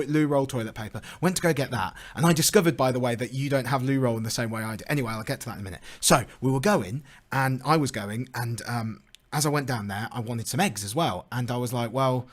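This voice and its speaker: A young British man giving a lightning talk, chatty and self-deprecating, with lots of filler words. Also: mid-range voice. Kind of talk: storytelling conference talk.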